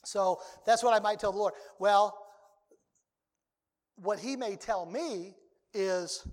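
An older man preaching a sermon as a pastor, talking conversationally and breaking into sudden loud outbursts. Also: sits high, slow pace, pauses often, in a large hall.

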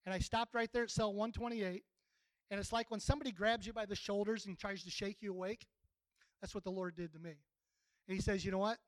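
A man's voice: high voice, steady tone, brisk, no echo, low-quality recording. A man in his sixties preaching a sermon in a folksy, plainspoken, conversational way.

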